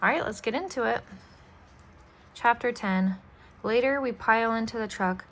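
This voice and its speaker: A woman's voice: fairly high pitch, moderate pace, fairly bright tone. A woman hosting a story-time channel, reading a children's chapter book aloud in a friendly way, with the occasional slip and apology.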